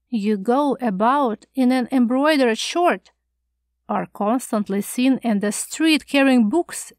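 A woman's voice: fairly high pitch, dry recording, studio quality. A woman reading the part of an anxious, prim older male schoolmaster who frets and lectures in a scandalized tone.

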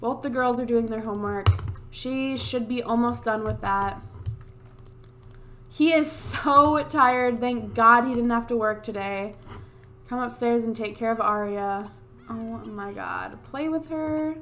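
A woman's voice: fairly high pitch, a little slow, sharp tone, slight background noise. A woman doing casual gameplay commentary on a USB desk mic, exasperated, swearing and scolding the characters on screen. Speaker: Let's Play gamer.

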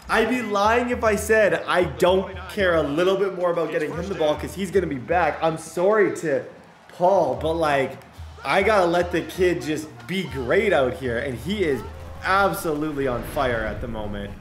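Young guy yelling at a football game he's playing, kinda high voice, echoey room, game music going underneath. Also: normal speed. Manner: bursts into loud shouts over big plays. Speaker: gaming YouTuber. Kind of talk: excitable gameplay commentary.

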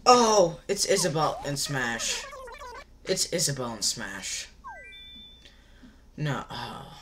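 An excitable young woman reacting live to a game showcase. Her bright voice leaps all over the scale, and she talks in a slow, drawn-out way. She drops to muttering, then bursts out shrieking. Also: low voice, a little hiss or hum. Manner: excitable, swings from hushed muttering to shrieking outbursts. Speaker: gaming channel host.

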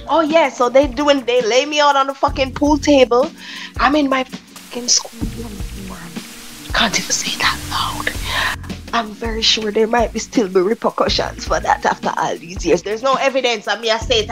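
A woman's voice: a little high, moderate pace, faint music behind. Frank Jamaican woman telling stories. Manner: frank, profane storytelling with laughs and trailing fillers. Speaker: guest. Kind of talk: casual candid podcast chat.

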